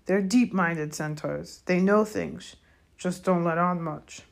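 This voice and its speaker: A woman voicing a gruff, big-hearted giant gamekeeper in a storybook reading, blustery and grumbling. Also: fairly low pitch, takes it slowly. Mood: urgent.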